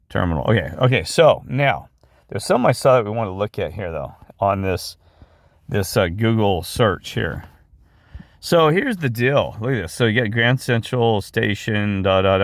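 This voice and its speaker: A man hosting a video, talking through his screen as he clicks around, rambling and breaking into excited exclamations. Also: lowish voice, no room sound, studio quality. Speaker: video host. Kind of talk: excited screen-share commentary.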